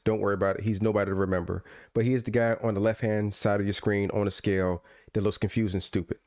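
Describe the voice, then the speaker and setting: A man co-hosting a podcast in casual chat, telling stories and ranting playfully, often repeating himself. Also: fairly low pitch. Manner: animated storyteller, repeats and restarts, playful rants. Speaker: podcast co-host.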